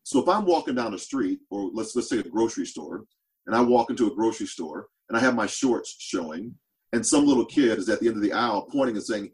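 A man's voice: on the low side, very animated, brisk, darkish tone, rough recording. A man speaking as a podcast guest, earnest and reflective, often repeating words as he thinks aloud. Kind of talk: reflective interview talk.

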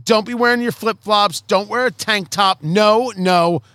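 A man with a high, bouncy voice hosts a podcast. He talks in a jokey, self-mocking way and likes to make fun of himself. The sound is bright and dry, close to the mic. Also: a little slow, dry recording. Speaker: podcast co-host. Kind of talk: casual banter.

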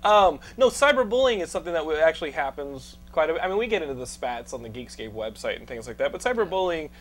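Texan man host, lively rambling podcast chat, slightly high voice, close mic. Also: fast. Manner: energetic, rambling, many fillers. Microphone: studio podcast mic.

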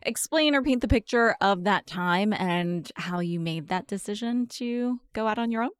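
A woman's voice: mid-range voice, clean tone, no echo, studio quality. A woman hosting a podcast, asking questions with eager, enthusiastic interest. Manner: enthusiastic, reacts with quick laughs and remarks. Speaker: podcast host.

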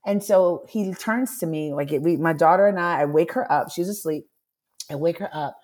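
A middle-aged woman, an author appearing as a guest in a candid interview, earnestly tells a personal story and thinks aloud. Her voice sits on the low side with a darkish tone, and she speaks at a normal speed.

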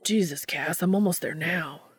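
A woman voicing an eager, flustered young adult man who talks in breathy, urgent whispers. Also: lowish voice, moderate pace, no echo, studio quality.

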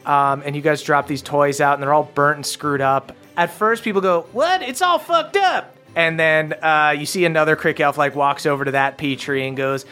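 A game master spinning a comedic tabletop game scene, loose and joking, with plenty of "uh" and "like". The voice sits at a middling pitch with nothing unusual about it. Faint music hums behind. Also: flat delivery, moderate pace, few pauses, pushed and bright, clean tone. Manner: loose, joking, full of fillers.

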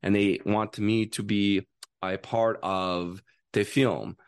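A brooding Kazakh mobster, as a man acts him out, with a thick put-on accent. He drags each word out very slowly and heavily, with a slightly low, weighty tone. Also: fairly even intonation, smooth, no room sound.

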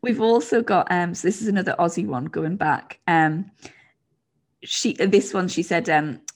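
A woman's voice: lowish voice, moderate pace. A woman co-hosting a podcast, chatting casually and rambling with lots of fillers. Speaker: podcast co-host. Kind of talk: casual chat.

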